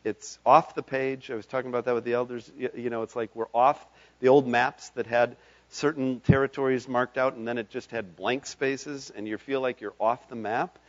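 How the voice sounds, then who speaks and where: Male pastor for an altar call and benediction: fervent, building to loud impassioned calls, mid-pitched voice on a dull lo-fi recording. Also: level tone, normal speed. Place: church sanctuary.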